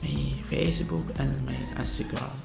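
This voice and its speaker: A man from Algeria with an Algerian accent, reacting to a video in awed, halting English with many exclamations. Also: medium pitch, fairly even intonation, gravelly, over loud music. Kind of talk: casual reaction commentary.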